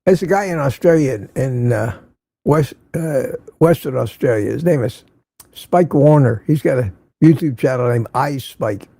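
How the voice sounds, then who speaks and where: A man's voice: medium pitch, animated, unhurried, creaky, mellow, slightly rough, no echo, studio quality. An older man hosting a casual morning livestream, greeting viewers by name and reading the chat aloud. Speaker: livestream host.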